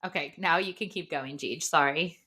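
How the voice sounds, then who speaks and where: A woman co-hosting a podcast in casual chat, blunt and quick to laugh. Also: low-pitched, sharp tone. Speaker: podcast co-host.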